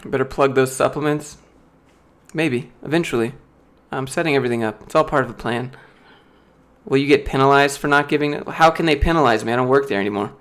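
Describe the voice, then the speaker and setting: A young man from the United States talks loosely into a desk mic on a home livestream. His voice sits at a middle pitch, and he keeps an easy, rambling delivery full of "like" and quick laughs. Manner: animated storyteller, mimics other people's voices in anecdotes; chatty, laughs often, frequent filler words. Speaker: YouTuber answering live chat questions. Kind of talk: casual livestream Q&A.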